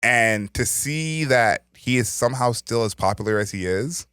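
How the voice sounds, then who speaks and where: A man co-hosting a podcast, thinking out loud and weighing his points. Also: mid-range voice, lively intonation, normal speed, smooth, no room sound, studio quality. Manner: thoughtful, weighs points with restarts and hedges. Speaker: podcast co-host. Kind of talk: casual chat.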